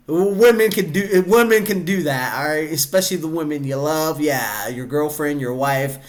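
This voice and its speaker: A chatty young man with a slightly high voice reacts casually to a clip. He laughs often and breaks into playful quoted voices. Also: a little slow. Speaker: reaction video host.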